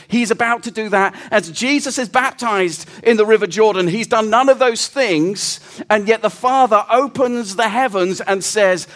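A middle-aged man preaching a sermon. He talks earnestly, climbs to loud emphasis and drops to a soft hush. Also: high voice. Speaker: pastor.

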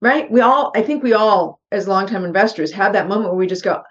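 A woman's voice: mid-range voice, fairly quick. A middle-aged woman with a mid-range voice tells her story earnestly as a podcast guest. She talks with animation and acts out her own thoughts in quotes. The audio is a little dull and muffled. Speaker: podcast guest, real estate investor. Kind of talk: personal storytelling in an interview.

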